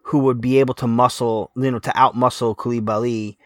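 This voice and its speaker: A man talks football on a podcast, getting emotional and tripping over his words as he restarts sentences. His voice sits at a middle pitch and the recording sounds close and dry, with no room around it. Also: level tone, no echo. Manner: emotional, halting, many restarts. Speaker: podcast co-host, Napoli fan. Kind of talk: casual football podcast chat.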